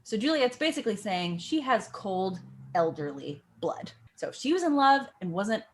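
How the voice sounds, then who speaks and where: Young woman acting coach, playful and animated, punches the words as she breaks down a speech. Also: mid-range voice, moderate pace, slight background noise. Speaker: acting teacher. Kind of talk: tutorial explaining a monologue.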